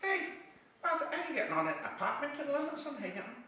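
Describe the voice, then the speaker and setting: A man voicing a fussing Scottish mother checking on her son by phone, quick and high. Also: very animated, bright, forceful tone, very echoey, far from the mic, a little hiss or hum, heavily acted.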